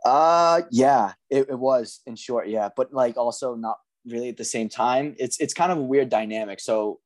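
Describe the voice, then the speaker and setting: A man's voice: mid-range voice, moderate pace, no room sound. A young man co-hosting a casual fight podcast, laid-back and chatty. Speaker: podcast co-host. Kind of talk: casual MMA podcast chat.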